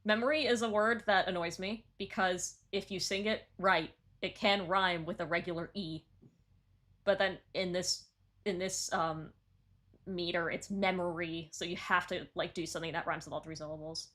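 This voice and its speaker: A woman streaming live, chatting casually and excitedly about lyrics she is reviewing, with lots of "like" and restarts. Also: fairly low pitch, moderate pace. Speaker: streamer reviewing song submissions.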